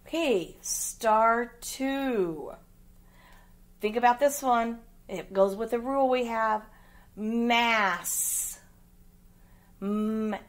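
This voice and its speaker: Midwestern woman, grade-school phonics teacher, unhurried and deliberate, spells words letter by letter. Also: on the high side. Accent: American Midwest. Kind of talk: phonics lesson for young children.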